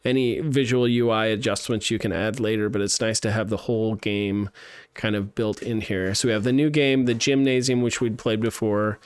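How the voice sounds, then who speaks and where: A man's voice: on the low side, steady tone, moderate pace, clean tone. A man streaming a live playtest of student games, thinking aloud with lots of fillers and restarts as he gives feedback. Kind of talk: live game playtest commentary.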